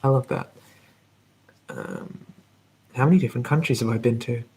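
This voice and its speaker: A man hosting a live whispered ASMR Q&A, talking softly and rambling as he reads out viewer comments. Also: mid-range voice, normal speed, a little hiss or hum. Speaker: ASMR channel host.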